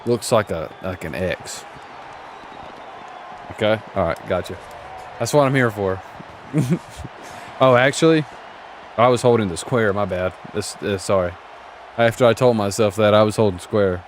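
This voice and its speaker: A man's voice: on the low side, unhurried, pauses often, a little hiss or hum. A man in casual gaming chat with friends, teasing and trash-talking, stumbling over his words now and then. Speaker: gamer streaming with friends.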